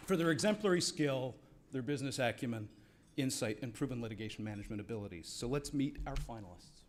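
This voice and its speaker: A man's voice: mid-range voice, lively intonation, quick pace. A man presenting an award at an evening banquet, telling a wry parable with dry asides to the room. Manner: wry storytelling, playing to the room. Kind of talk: after-dinner speech with a joke. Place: banquet hall.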